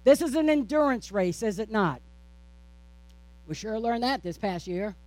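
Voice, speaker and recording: This sermon comes from a woman pastor whose delivery is steady and repetitive, sprinkled with rhetorical questions and self-teasing humor. Her voice is medium in pitch and measured in pace.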